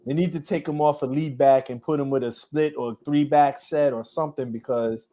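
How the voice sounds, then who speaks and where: Man, fairly high voice, casual sports podcast chat, rambling, restarts a lot. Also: fairly even intonation, normal speed, warm tone. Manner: rambling, restarts often, trails off with ums. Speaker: podcast co-host.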